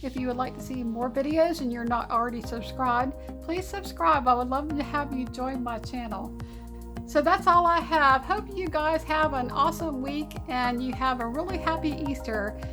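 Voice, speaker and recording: A woman hosting a papercraft channel chats casually from home in a bubbly, giggly, sweet-talking crafting vlog. Her voice is high and her pace moderate, with music playing underneath.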